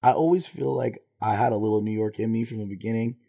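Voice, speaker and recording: Laid-back Bay Area man, deep mellow voice. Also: steady tone, quick pace, creaky. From Bay Area, California. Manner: laid-back, loose and slangy. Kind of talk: casual podcast chat.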